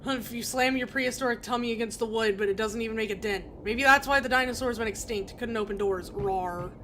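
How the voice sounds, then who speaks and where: A woman's voice: on the high side, fast, fairly bright tone, a little hiss or hum. A woman streaming a video game, reading its text aloud with casual, laughing asides.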